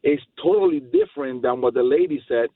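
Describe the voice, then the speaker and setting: A man's voice: mid-range voice, animated, brisk, no room sound. A man calling in to a talk radio show, making his points in an emphatic, rambling way. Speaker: caller. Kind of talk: casual phone-in chat. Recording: tinny phone line.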